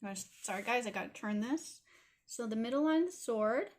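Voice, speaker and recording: Canadian woman, Toronto accent, slightly high voice, chatty art-tutorial host talking while she draws. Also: animated, a little fast. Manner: chatty, apologetic asides while working. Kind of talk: casual drawing tutorial narration.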